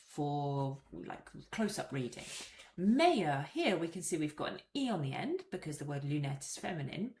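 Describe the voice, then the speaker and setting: Woman, teacher; lower voice with lively swings; patient, repeats examples; roomy echo. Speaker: French teacher. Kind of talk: explanatory language lesson.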